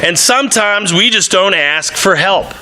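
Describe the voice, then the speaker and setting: A man delivers a church sermon with a fairly high voice and a very bright, sharp edge to his tone. He reads scripture aloud and breaks into animated acted-out quotes as he preaches. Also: measured pace. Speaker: pastor.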